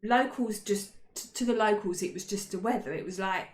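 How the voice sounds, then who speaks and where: A woman co-hosts a casual history podcast, chatty and jokey, peppering her talk with ums and self-corrections. Her medium-pitched voice is brisk, and the recording, made in an indoor room she shares with her co-host, carries a roomy echo and a little hiss or hum.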